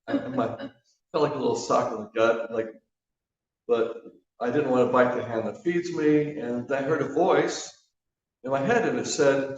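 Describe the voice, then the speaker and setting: A man giving a sermon in a church, telling stories in a relaxed, conversational way with frequent fillers. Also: medium pitch, moderate pace. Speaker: guest speaker. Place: church sanctuary. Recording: echoey church hall from a distance, dull.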